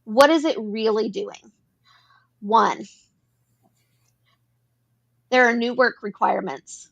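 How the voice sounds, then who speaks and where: A woman with a fairly high voice and some vocal fry takes her time co-hosting an advocacy podcast, with the highs cut off in the audio. She explains policy earnestly and repeats phrases as she moves through her points.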